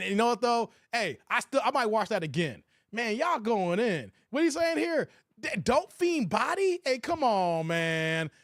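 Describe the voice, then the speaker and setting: A man's voice: high voice, no echo, studio quality. A man hosting a livestream, reacting to a video and talking to his chat in slang with mocking asides.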